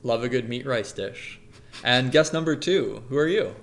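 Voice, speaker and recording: A man hosting a relaxed podcast chat with guests. His voice sits at an ordinary middle pitch. He sounds upbeat and a little goofy, walking through facts with plenty of ums and uhs. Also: normal speed. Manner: upbeat, jokey, explains facts loosely with fillers. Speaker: podcast host.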